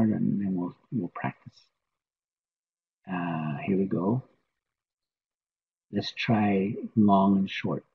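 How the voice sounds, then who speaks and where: A man's voice: low-pitched, gravelly, husky, narrow, tinny audio. A man teaching a language lesson, patiently repeating each word many times.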